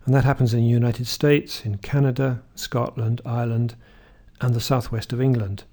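A man teaching English pronunciation, reading word lists slowly and clearly and asking the listener to repeat. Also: mid-range voice, level tone, dark tone. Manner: reads word lists slowly, often drawing words out, with "uh" fillers between them. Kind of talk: slow, deliberate pronunciation drill.

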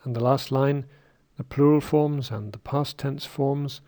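A male pronunciation teacher leads a drill at a very unhurried pace, saying each word by itself for the learner to repeat. His voice sits at a middling pitch, and his delivery is deliberate and careful. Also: fairly even intonation, dark tone. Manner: slow, deliberate, says each word on its own; takes words again after a slip.

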